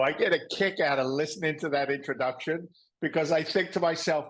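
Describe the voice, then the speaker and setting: A man in his fifties from England, with an English accent tinged by Boston, telling stories as a podcast guest in a lively, joking way. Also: a little high, moderate pace, low-quality recording. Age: 50s. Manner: lively, jokey, acts out voices. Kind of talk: animated interview storytelling.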